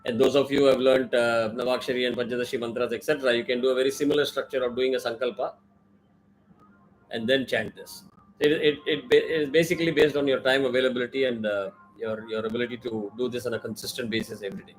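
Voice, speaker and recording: A man leads a class, walking his students through a chant syllable by syllable. He talks slowly and patiently, with plenty of fillers. A faint hum of room noise sits behind his even, mid-pitched voice. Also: low-quality recording. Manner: slow, careful pronunciation drills with many fillers. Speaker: Vedic chanting teacher. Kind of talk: online class teaching a mantra.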